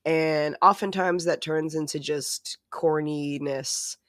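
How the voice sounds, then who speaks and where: A podcast co-host chatting casually and joking around, with plenty of swearing along the way. The voice sits at a middle pitch for its kind. It is recorded close and dry, with almost no room sound. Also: takes it slowly, dry recording. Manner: animated, profane and joking. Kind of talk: casual chat. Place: lives in New York City.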